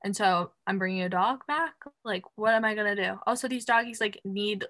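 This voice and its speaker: Fairly quick and medium-pitched, a young podcast co-host relates a story casually and animatedly, rambling along with plenty of "like" and filler words.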